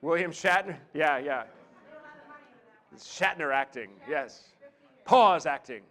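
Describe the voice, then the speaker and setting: A man giving a live talk on presentation skills from a podium, lively and theatrical, with chatty asides to his audience. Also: fairly high pitch, slow pace. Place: meeting room, speaking from a podium.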